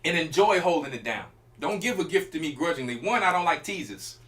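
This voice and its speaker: Animated, bright-voiced male preacher. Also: a little high, brisk. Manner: emphatic, colloquial preaching with direct address to listeners. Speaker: church elder and preacher. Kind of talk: informal sermon teaching.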